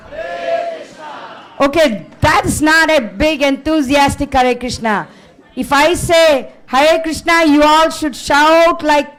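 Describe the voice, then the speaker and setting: A woman with a very high voice emcees a live festival, energetic and calling out to the audience. A crowd murmurs faintly behind her, with some light noise in the background. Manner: energetic, calls out to rouse the crowd. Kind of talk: live event hosting.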